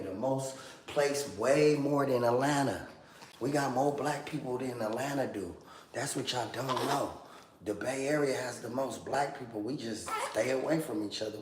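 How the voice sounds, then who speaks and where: A man's voice: mid-range voice, darkish tone. A man from Oakland, California, hosting a livestream with rambling, slangy talk aimed straight at his viewers. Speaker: livestream host. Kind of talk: casual livestream rant. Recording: echoey room with faint ambient noise.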